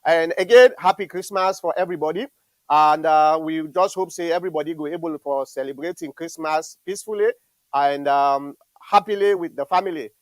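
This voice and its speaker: A man hosting an online show, talking in a halting way full of fillers and restarts. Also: fairly high pitch, no echo, poor audio. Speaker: show host.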